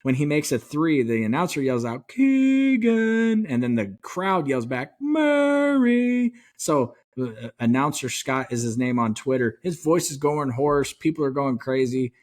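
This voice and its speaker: A man co-hosting a podcast, chatting about sports as an excited, rambling fan with some mild swearing. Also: medium pitch, normal speed, hardly any pauses. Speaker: podcast co-host. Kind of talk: casual sports chat.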